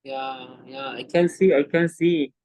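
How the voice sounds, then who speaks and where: A man's voice: medium pitch, darkish tone, no room sound, poor audio. Hesitant man asking questions. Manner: hesitant, halting, laughs shyly.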